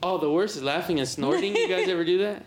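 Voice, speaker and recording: A man's voice: high-pitched, fast talker, a crowd in the background. A man co-hosting a podcast, chatting casually in a rambling, jokey way that often trails off. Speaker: podcast co-host. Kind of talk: casual chat.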